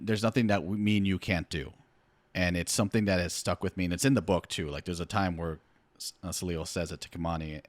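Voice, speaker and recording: Man, low voice, casual podcast chat, rambling, dry close mic. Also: no room sound. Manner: rambling, drops quieter when earnest. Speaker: author.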